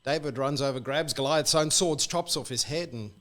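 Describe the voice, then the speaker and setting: Lively Australian man telling a story. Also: on the high side, moderate pace. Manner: lively, animated storyteller who acts out characters. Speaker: church guest.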